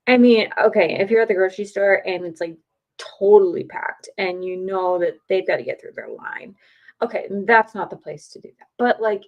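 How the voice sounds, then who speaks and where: A woman's voice: mid-range voice, animated, moderate pace, muffled recording. A woman chatting casually on a live stream, blunt and opinionated, swearing freely. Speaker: streamer, podcaster. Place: home.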